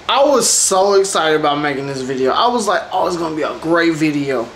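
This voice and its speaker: A woman streamer giving casual, animated commentary over gameplay, talking straight to her viewers. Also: deep voice, normal speed, slight background noise. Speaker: gaming streamer. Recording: roomy echo with faint background music.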